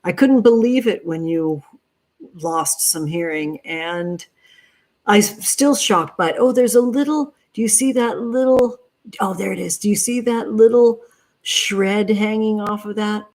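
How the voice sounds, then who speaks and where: A woman's voice: mid-range voice, unhurried, a little mellow. A woman hosting a livestream outdoors in a backyard, speaking tenderly and dotingly to her viewers, calling them honey and sweetheart. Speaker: tarot reader and livestream host. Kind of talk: affectionate livestream chat.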